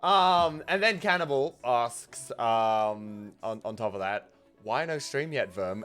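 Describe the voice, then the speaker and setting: A young man hosts a relaxed livestream chat with a bright, ringing voice that swoops up and down a lot. He reads viewer messages aloud, fills the gaps with ums and uhs, and keeps breaking into giggles. Soft music plays faintly under him. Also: mid-range voice, a little slow. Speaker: streamer host. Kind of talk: casual stream chat.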